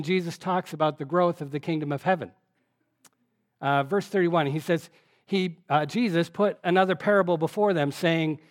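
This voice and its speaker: A man with a fairly high voice preaches a teaching sermon. He talks in a relaxed, conversational way, reads scripture aloud and speaks directly to his congregation.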